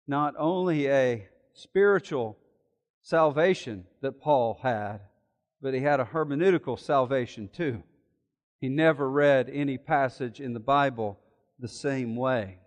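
A man preaching a sermon, building from quiet explanation into loud, emphatic, impassioned declarations. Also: medium pitch, big-room sound.

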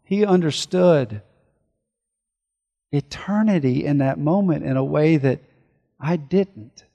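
A man preaching a sermon as a pastor, earnest, swinging between forceful declarations and hushed, slowed reflection. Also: a little high, gravelly, in a large hall, highs cut off.

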